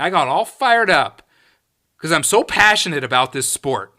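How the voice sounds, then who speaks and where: A man's voice: a little high, sing-song, normal speed, sharp tone. A man hosting his own podcast, ranting in a heated, profane and emphatic way. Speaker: podcast host. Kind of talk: solo podcast rant.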